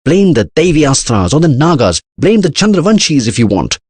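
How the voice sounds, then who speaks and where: Man reading as anxious scientist, earnest explainer, husky voice, lively pitch. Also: brisk, no room sound. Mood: bitter. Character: anxious older male scientist.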